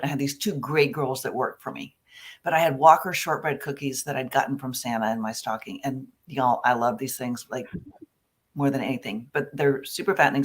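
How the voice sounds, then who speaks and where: A woman in casual talk, telling lively stories and acting out what people said. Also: rumbling low. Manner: animated storyteller, acts out quoted voices. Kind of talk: casual conversational discussion.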